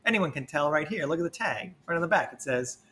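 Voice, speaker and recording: A man's voice: a little high, animated, fast, bright, forceful tone, a little hiss or hum. A man reading a brooding, guilty husband in a mock-dramatic parody scene, hammy and playful.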